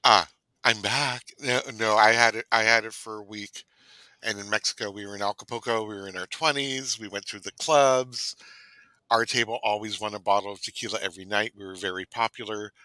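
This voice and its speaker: A man's voice: fairly low pitch, fairly even intonation, fairly quick, pushed and bright, no echo. A middle-aged man co-hosting a casual cooking live stream, teasing and laughing often. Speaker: cooking show co-host. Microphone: computer mic.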